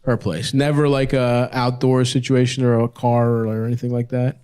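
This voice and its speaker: A man's voice: medium pitch, level tone, normal speed. A male stand-up comedian from the US doing crowd work before a live audience, teasing people with profane jokes and laughing through his lines. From United States. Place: music venue stage before a live audience. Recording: echoey club room with loud crowd noise.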